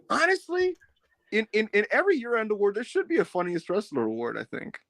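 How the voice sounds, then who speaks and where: A man co-hosting a podcast in casual chat, animated and swearing freely as he acts out quotes. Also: high voice, fast, dry recording. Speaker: podcast co-host.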